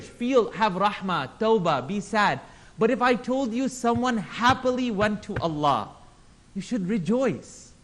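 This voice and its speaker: A man with a somewhat high voice teaches a religious class in an animated way. He slips into little voices for the people in his stories and keeps firing questions at his listeners. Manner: animated, acts out quotes in voices; engages audience with questions. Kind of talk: Islamic class lecture.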